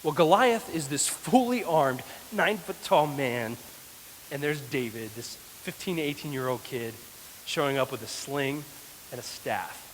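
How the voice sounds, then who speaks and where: Male pastor, lively storytelling sermon, fairly high voice, long church reverb with faint hiss. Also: measured pace. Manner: animated storytelling. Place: church hall.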